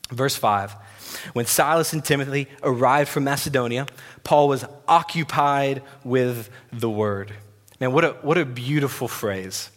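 A man's voice: medium pitch, a little slow, fairly bright tone. A man preaching a sermon, conversational and emphatic as he retells scripture. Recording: long reverb of a large hall.

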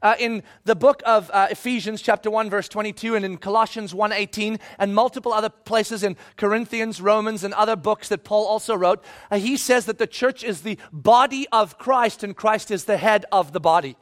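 A male pastor delivers a sermon in a strikingly high voice. He is emphatic and animated, dropping to hushed asides and rising to shouts. His delivery is lively and insistent. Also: normal speed, few pauses.

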